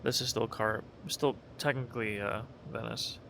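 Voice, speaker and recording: A young man who makes gaming videos rambles through casual live commentary while flying in a game, correcting himself and sounding half awake. His voice is fairly low and fairly bright, with vocal fry, a steady tone, and a moderate pace. There is slight background noise.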